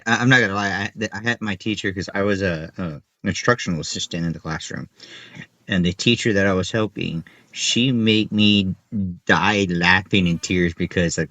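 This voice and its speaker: Low-voiced man telling profane stories. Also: no room sound. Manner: animated storyteller, profane, acts out kids' voices. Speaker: podcast co-host. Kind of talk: casual chat. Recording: dull, slightly lo-fi podcast audio.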